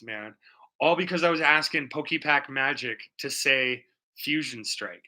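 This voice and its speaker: A man's voice: on the high side, bright, forceful tone. A man hosting a painting livestream, rambling in casual, profane, jokey chat with his viewers. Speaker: livestream art host. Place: home studio.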